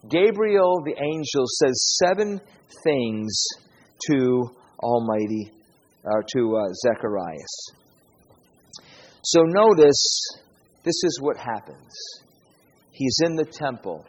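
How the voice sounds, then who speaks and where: A man's voice: medium pitch, a little mellow. A man preaching a sermon, speaking earnestly, repeating key phrases and asking his listeners rhetorical questions. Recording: dull, echoey hall recording.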